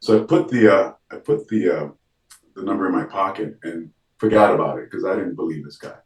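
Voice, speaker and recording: A man, an actor, telling an animated story about his start in a casual interview, acting out the voices of the people in it. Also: deep voice, fairly quick, reverberant, far from the mic, poor audio. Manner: animated storyteller, acts out quoted dialogue, frequent restarts.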